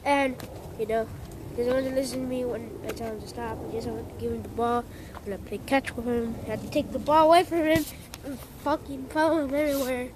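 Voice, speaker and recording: Over a noisy background, a young woman's high-pitched voice carries as she films a casual home video. Talking to the camera, this vlogger shouts, swears, and calls out to her dog, playfully exasperated with it.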